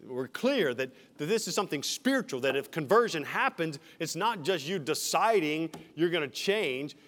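A man's voice: a little high, animated, moderate pace, a bit bright. A man preaching a sermon as senior pastor, emphatic with shifting dynamics. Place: church sanctuary. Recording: reverberant church hall.

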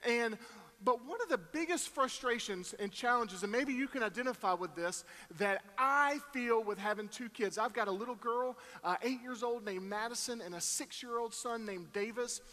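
Man in his 30s, very high bright voice, folksy storytelling sermon. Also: normal speed. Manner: folksy, self-deprecating storyteller with fillers and voiced quotes. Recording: echoey hall.

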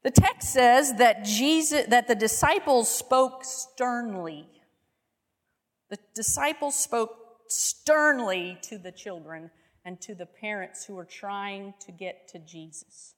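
A woman preaches a sermon slowly, telling a story vividly and often posing rhetorical questions to her listeners. Her voice is a little high, and a long reverb tail follows it.

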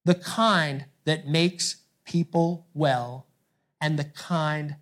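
A man's voice: a little high, steady tone, drawn-out words, fairly bright tone. A male pastor preaching a sermon in an earnest way, putting rhetorical questions to his congregation.

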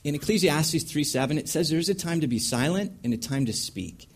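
A man leading a panel talk on counseling, teaching from scripture in a lively way and acting out scenes with sound effects. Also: a little high, brisk.

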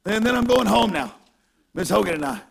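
A man preaching a sermon through a self-mocking story, animated and given to bursts of shouting. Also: high voice, brisk, gravelly, slightly rough.

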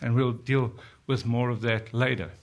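A man delivering a sermon in an earnest, steady voice at a middle pitch. He keeps turning to his listeners with rhetorical questions. When he quotes scripture he slows right down and lets the words sit. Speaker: preacher.

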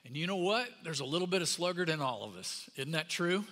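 A middle-aged man preaching a sermon, telling stories with lively, playful acted-out voices. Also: a little high, brisk, big-room sound. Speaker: pastor.

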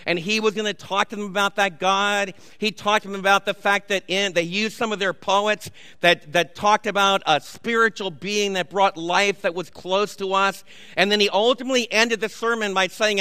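High, bright-voiced pastor preaching. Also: male voice, smooth, no room sound, in a large hall. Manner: storytelling, conversational preaching with asides. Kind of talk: sermon. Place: church sanctuary.

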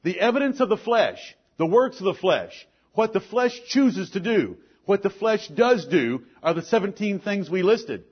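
Husky high-voiced man preaching a sermon. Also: very animated, measured pace, hardly any pauses, muffled recording. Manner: forceful preaching, rises and drops sharply, rhetorical questions. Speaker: pastor.

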